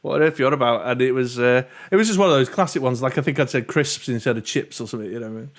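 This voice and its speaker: A man's voice: medium pitch, racing. Chatty northern English male host. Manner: chatty, self-deprecating, prone to tangents. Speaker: interview host. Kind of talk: casual interview chat.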